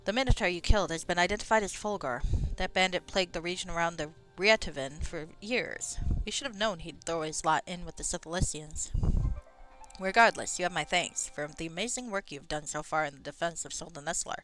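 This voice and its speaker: A woman reading aloud the lines of a formal city commander in a fantasy game, quietly and plainly. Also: on the low side, a little fast, faint music behind, natural voice, rough recording.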